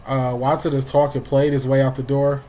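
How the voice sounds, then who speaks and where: A middle-aged man hosts a loose, talkative live stream, calling out chat names as they come in. His voice sits at an ordinary middle pitch. A faint hiss runs underneath. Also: flat delivery, moderate pace, dark tone, poor audio. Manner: greets chat viewers by name, loose and talkative. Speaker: livestream sports show host.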